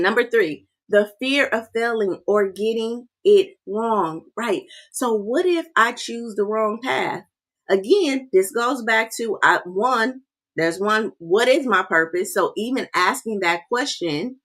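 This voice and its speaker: A woman's voice: mid-range voice, slow pace, fairly bright tone. Direct woman coaching live. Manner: direct, repeats key lines, checks in with 'right?'. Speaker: life coach. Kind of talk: live-streamed coaching talk.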